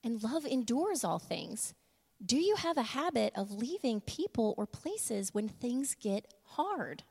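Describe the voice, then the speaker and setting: A fairly high-voiced woman preaching in a casual, chatty way, with frequent laughs and sudden slowdowns for emphasis. Her voice carries a long reverb, as if she is speaking in a large hall. She sounds like she is talking with the room more than lecturing it. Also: sing-song, gravelly, mellow, slightly rough. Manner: conversational, laughs often, shifts between quick asides and slow emphatic lines. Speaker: church speaker. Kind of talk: casual sermon with humor and props.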